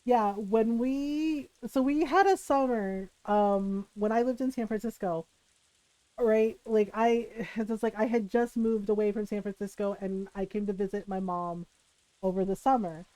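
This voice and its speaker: A woman streamer casually telling a personal story, animated, laughing often and swearing freely. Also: mid-range voice, unhurried, no echo. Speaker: live streamer.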